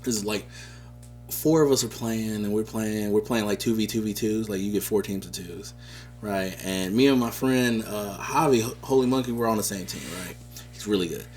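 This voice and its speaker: A man co-hosting a podcast, telling stories in a casual, animated, slangy way. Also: lowish voice, normal speed, soft background music. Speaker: podcast co-host. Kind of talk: casual chat.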